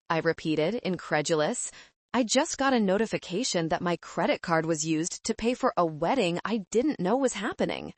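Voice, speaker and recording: A woman narrating a first-person story in a measured, controlled way. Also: fairly low pitch, animated, no room sound.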